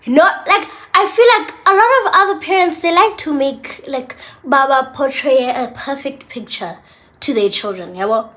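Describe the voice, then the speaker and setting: A woman's voice: sits high, animated, moderate pace, fairly bright tone. A teenage girl chatting playfully with her mother, laughing often and using lots of fillers. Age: teens. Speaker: daughter co-host. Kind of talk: casual chat.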